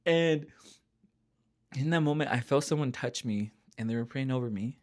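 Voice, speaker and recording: A podcast co-host from a Spanish-speaking family background earnestly shares a personal faith story during casual chat, his voice dropping to a near-whisper whenever he quotes. He speaks at a moderate pace with a medium-pitched, slightly mellow tone.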